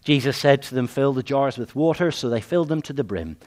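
A man delivering a sermon, building his points through repeated phrases and slowing down on key words. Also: mid-range voice, expressive, a little mellow. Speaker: preacher.

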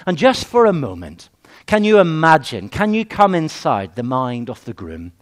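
A man delivering a sermon, building his points through repeated phrases and slowing down on key words. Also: a little high. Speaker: preacher.

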